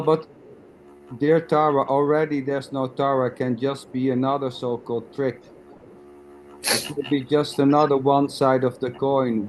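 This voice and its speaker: A man speaks on a video call at a middle pitch, leading a spiritual dialogue. He is patient and reasoning, stumbling on the first words of a thought. Faint noise sits behind his voice. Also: a little mellow, poor audio. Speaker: nondual teacher.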